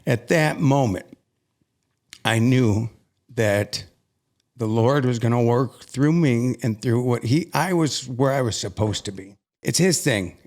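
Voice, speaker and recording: A man's voice: medium pitch, slow pace, a little mellow. Earnest man telling a personal story. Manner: earnest and emotional, with frequent restarts. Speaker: podcast guest.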